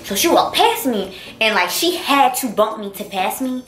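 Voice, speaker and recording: A young woman tells a story to the camera in a lively, emphatic style, jumping into the voices of the people in it. Her voice carries an echoing room sound, with faint music underneath. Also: fairly high pitch, moderate pace. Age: young adult. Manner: animated, emphatic, acts out dialogue. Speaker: college student telling a story. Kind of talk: casual storytime. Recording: roomy echo with faint music.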